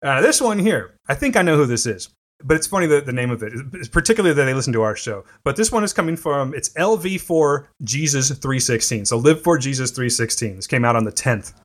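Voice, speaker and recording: A man's voice: medium pitch, lively intonation, brisk. Rambling, foul-mouthed male podcast host. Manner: loose, profane and rambling. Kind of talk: casual podcast chat.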